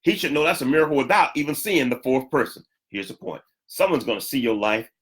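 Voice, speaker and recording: A male pastor preaching a sermon, emphatic, repeating key lines and swinging sharply up and down in pitch for emphasis. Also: animated, fast, a bit bright.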